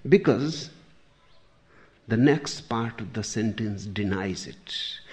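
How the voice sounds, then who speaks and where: Slow, deliberate spiritual teacher, a man. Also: fairly low pitch, animated, darkish tone. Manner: slow, deliberate, with long pauses and sudden emphasis. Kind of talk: spiritual discourse.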